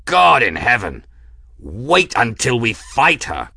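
A man's voice: medium pitch, sing-song, unhurried, vocal fry, breathy edge, no room sound, studio quality, full character voice. A man voicing a boisterous airship pilot who roars with delight over the wind. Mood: exuberant. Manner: loud, roaring over the wind.

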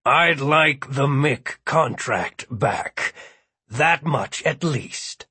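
A man voicing a tired, biting older male boss who speaks slowly. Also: high voice, expressive, vocal fry, bright, forceful tone, slightly rough, no echo, voice pushed up, exaggerated voice.

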